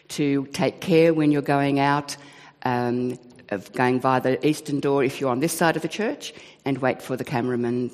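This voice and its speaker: A man leading church notices and prayers in a measured, earnest way. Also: mid-range voice, darkish tone. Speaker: church leader. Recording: reverberant church hall.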